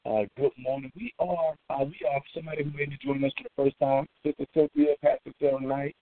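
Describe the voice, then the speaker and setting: A man's voice: on the high side, little pitch movement, fast. A middle-aged man hosting a morning devotional call as a pastor, greeting listeners by name in a loose, chatty way between his points. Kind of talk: live-streamed morning devotional. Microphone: phone line. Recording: phone-line conference call audio.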